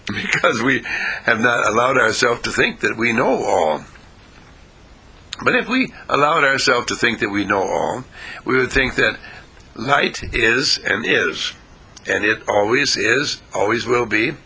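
A man giving a rambling philosophical monologue, musing slowly and asking himself questions. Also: medium pitch, sharp tone, slightly rough, low-quality recording. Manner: musing, slow and repetitive, asks himself questions. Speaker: philosophy speaker.

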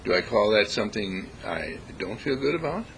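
A man giving a reflective spiritual talk, deliberate and emphatic, repeating phrases to stress them. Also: on the low side, sing-song, a bit bright, slight background noise, low-quality recording. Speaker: spiritual speaker.

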